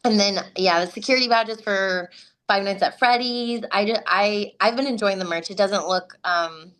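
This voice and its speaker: A woman co-hosting a podcast over a video call, sharing animated, enthusiastic opinions in casual chat. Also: mid-range voice, normal speed, clear, resonant tone. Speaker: podcast co-host.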